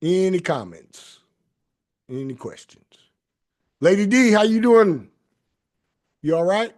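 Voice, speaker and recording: A man's voice: sits high, expressive, slow pace, a little mellow. A man hosting a spiritual talk show, speaking emphatically and repeating phrases like affirmations. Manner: repetitive, emphatic, sing-song affirmations. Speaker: host. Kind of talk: spiritual talk show, casual group chat.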